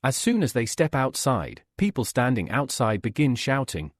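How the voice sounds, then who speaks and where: Husky male recap narrator. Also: medium pitch, moderate pace, no room sound, studio quality. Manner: steady storytelling, reads all quotes. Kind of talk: scripted narration.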